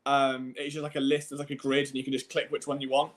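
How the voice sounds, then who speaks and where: A man's voice: medium pitch, monotone, fast talker. A young Englishman hosting a casual livestream chat, playful and prone to giggling. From England. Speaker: podcast host.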